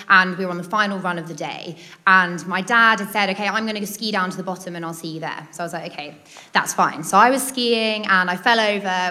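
A woman's voice: medium pitch, bright, forceful tone. A British woman telling a personal story to an audience in a chatty, amused, self-mocking way. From Britain. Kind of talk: personal anecdote told to a live audience.

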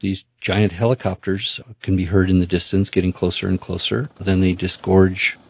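A man's voice: deep voice, flat delivery, moderate pace, creaky, a little mellow, no echo. A man in his seventies, a city council member, plainly and indignantly recounting events in an interview. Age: 70s. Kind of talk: interview recollection.

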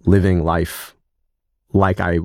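Young man, low gravelly voice, earnest storyteller, dead-dry recording. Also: flat delivery, a little mellow, no echo. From United States. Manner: earnest, reflective storytelling with pauses and restarts. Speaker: political candidate. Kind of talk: conversational interview answers.

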